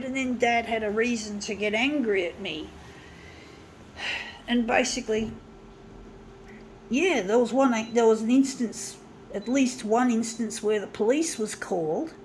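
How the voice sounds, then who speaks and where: Blunt, high-voiced woman ranting to viewers. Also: slight background noise. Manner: blunt and profane, rambling with many restarts; bitter and aggrieved. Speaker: vlogger talking to viewers. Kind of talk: casual personal monologue.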